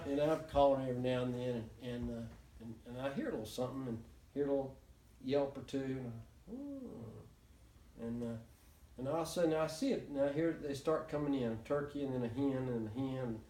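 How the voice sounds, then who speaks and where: A man's voice: medium pitch, quick pace, a little mellow. A man telling a story to a small group, rambling with many restarts and chuckles. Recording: echoey room, mic from far off.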